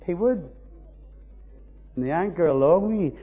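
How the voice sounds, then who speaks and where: Mellow, husky male preacher in a hall. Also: high voice, expressive, normal speed, soft background music. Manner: swings between soaring emphasis and quiet asides. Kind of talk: sermon. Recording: dull recording in a reverberant hall.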